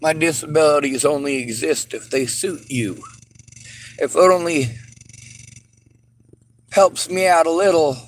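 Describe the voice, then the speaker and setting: A man delivering a bitter, angry vlog monologue, swearing heavily and rising into shouts. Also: a little high, unhurried, long pauses, slight background noise. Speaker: vlogger.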